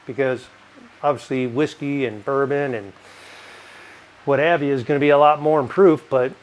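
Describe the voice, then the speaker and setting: A man's voice: medium pitch, fairly even intonation, moderate pace, highs cut off. Profane, rambling middle-aged man. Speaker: bourbon reviewer. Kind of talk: casual rambling review. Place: home in California.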